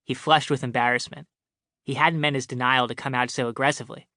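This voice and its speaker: A man's voice: medium pitch, fairly even intonation, fast, pushed and bright, dry recording. A man narrating his comic short story as a scripted audiobook, with a wry, dry delivery on a close studio mic.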